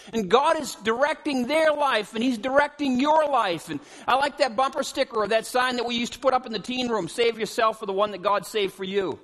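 A middle-aged male pastor preaching a sermon in a church, animated and joking with the congregation, now and then hollering out. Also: very high-pitched. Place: church sanctuary. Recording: long hall reverb.

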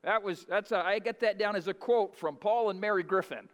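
Guy preaching, high voice, folksy, gets loud and punchy, echoey church. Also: brisk. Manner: folksy preaching, rising to loud emphatic climaxes. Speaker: pastor. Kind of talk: sermon.

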